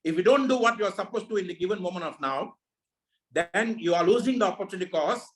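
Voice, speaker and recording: Leading a network marketing meeting by video call, a man whose voice sits high speaks fast with lively intonation, captured on a rough recording. He delivers a preachy pep talk, asking the same rhetorical questions again and again.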